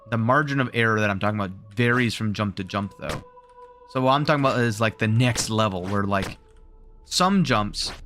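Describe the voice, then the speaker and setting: A man with a Southern drawl rambles through live gameplay commentary, thinking aloud between attempts. His voice sounds worn from a long session. Soft game music plays faintly behind him. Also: mid-range voice. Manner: rambling self-talk while playing, thinking aloud. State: voice wearing out. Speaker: streamer.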